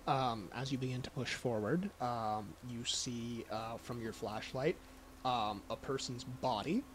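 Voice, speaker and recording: A young man narrating a tabletop horror game as game master, describing scenes in a halting way. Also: medium pitch, a little hiss or hum.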